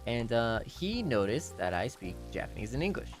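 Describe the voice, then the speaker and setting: A man's voice: medium pitch, very animated, moderate pace, faint music behind. A young man telling a story in casual streaming chat, rambling with lots of "you know" and restarts and laughing often.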